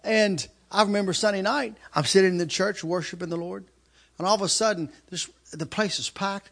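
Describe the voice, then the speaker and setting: High-voiced man preaching a lively sermon. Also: moderate pace, creaky. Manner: animated, with shouted outbursts and laughter. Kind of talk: sermon storytelling.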